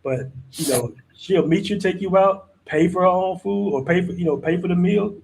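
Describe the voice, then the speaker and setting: Male live-stream host, slightly high voice, laid-back and slangy. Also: moderate pace, creaky, a little mellow, rough recording. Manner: laid-back, slangy, keeps asking "you know what I'm saying". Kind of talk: casual live-stream chat.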